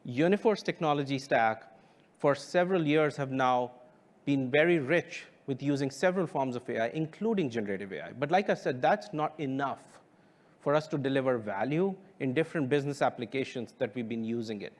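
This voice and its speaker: A man giving a keynote as a company founder. He speaks in a measured, emphatic way with deliberate pauses. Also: medium pitch, lively intonation. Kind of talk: keynote presentation.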